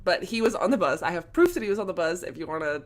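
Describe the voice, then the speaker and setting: A young adult woman vlogger telling a story to camera, excited and gushing, with lots of "like" and casual swearing. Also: fairly low pitch, fast talker.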